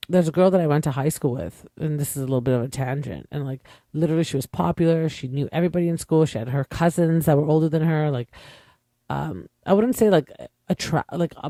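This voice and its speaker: A man's voice: fairly high pitch, warm tone, dry recording, studio quality. A young man from Canada, an opinionated podcast host chatting casually through a reality TV recap with lots of fillers.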